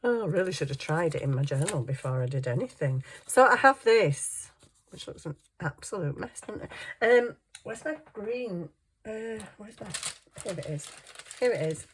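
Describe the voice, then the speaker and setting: Low-voiced woman chatting while crafting. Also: husky. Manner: rambling, thinking aloud, self-mocking; chuckles often while working. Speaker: craft journaling vlogger. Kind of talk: casual crafting chat. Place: home craft desk.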